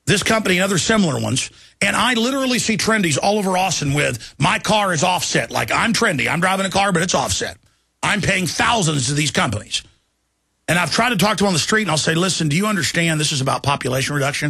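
A heated man holds forth on his talk show, his voice gravelly and sharp-edged. His pitch sits somewhat high for a man. He rants in an agitated way and keeps building. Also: no room sound, clean studio sound. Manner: agitated, ranting, mimics people in shouted voices. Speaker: radio talk show host. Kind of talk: heated political rant.

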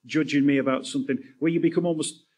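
Husky man asking long, winding questions. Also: fairly high pitch, fairly even intonation, rapid-fire, a little mellow. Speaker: podcast host and interviewer. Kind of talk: live on-stage interview questions.

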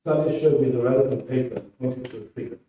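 A man, a writer, reading his prose aloud in a steady, measured way at a presentation. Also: mid-range voice, dull audio, slight background noise. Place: presentation room. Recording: roomy hall from far off.

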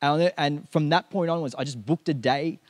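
Man, pastor, sermon, high voice, dry close sound, chatty with lots of fillers. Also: moderate pace, no room sound. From India. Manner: conversational, with frequent fillers like "like, as in".

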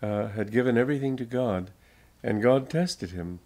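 Speaking in a mid-range voice with a dark tone, an older American spiritual teacher addresses an audience informally. He's a slow storyteller who laughs frequently as he goes.

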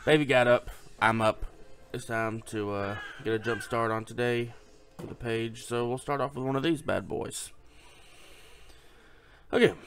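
A man's voice: mid-range voice, gravelly, a bit bright. A tired man short on sleep, telling a long joke in a laid-back, rambling way. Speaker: joke teller.

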